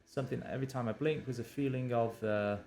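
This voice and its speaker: A man's voice: medium pitch, steady tone, fast, a little mellow, soft background music. A male novelist on a live stream, talking through his writing with many fillers and restarts and reading draft lines aloud. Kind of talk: thinking aloud while drafting.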